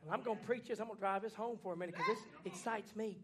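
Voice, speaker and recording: A man preaching a fiery sermon in a church, folksy and plainspoken, swinging from hushed lines to shouting. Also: sits high, racing, crowd noise. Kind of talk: fiery Pentecostal-style sermon.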